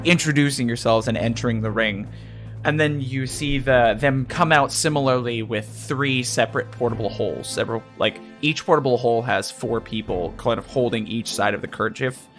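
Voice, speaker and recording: A man's voice: mid-range voice, moderate pace, a bit bright. A man narrating a tabletop game as dungeon master, chatty and loose, with plenty of fillers. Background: faint music.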